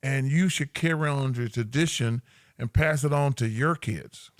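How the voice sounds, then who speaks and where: A middle-aged man co-hosting a podcast, telling rambling, animated stories with big laughs in casual banter. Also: medium pitch, normal speed, no echo, clean studio sound. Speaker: podcast co-host.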